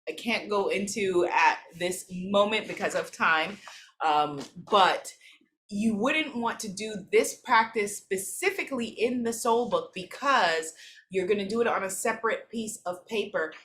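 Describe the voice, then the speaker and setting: A woman's voice: mid-range voice, fairly bright tone, a little hiss or hum. Affirming woman leading a spiritual workshop. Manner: affirming, repeats gratitude phrases, reads participants' comments; laughs easily. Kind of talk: live spiritual workshop teaching.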